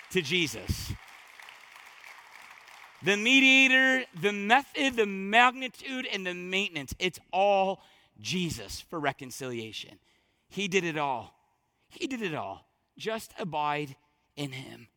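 A male pastor preaching a sermon in church, emphatic, swinging from loud declarations to hushed, near-whispered lines. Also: high-pitched, no echo, clean studio sound.

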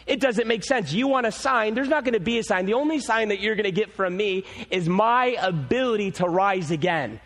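A man preaching a sermon as pastor, telling a story with animated energy. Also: high voice. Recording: long hall reverb.

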